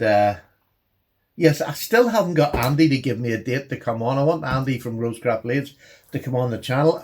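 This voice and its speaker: A middle-aged man, hosting his knife channel and chatting excitably to his viewers, often restarting and laughing. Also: medium pitch. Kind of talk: casual chat to camera.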